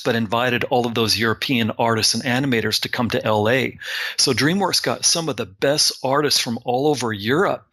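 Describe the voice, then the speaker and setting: A middle-aged man, a guest artist, telling relaxed, self-deprecating stories in a casual interview. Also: mid-range voice.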